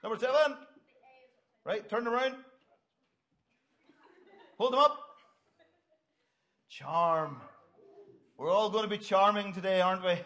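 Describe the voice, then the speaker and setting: A man's voice: high-pitched, slow pace, pauses often, a bit bright. A middle-aged man, giving a jokey, upbeat children's talk in church and directing volunteers. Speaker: pastor.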